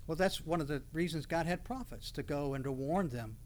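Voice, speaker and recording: A man's voice: on the high side, a little fast, hardly any pauses, darkish tone. A man preaching a sermon, reading scripture aloud and building to passionate, raised outbursts. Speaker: pastor.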